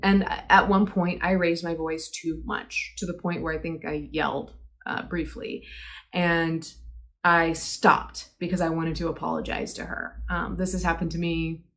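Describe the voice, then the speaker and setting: A young woman telling her side of a falling-out in a personal vlog, earnest and hesitant with many pauses. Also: on the low side, flat delivery. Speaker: vlogger.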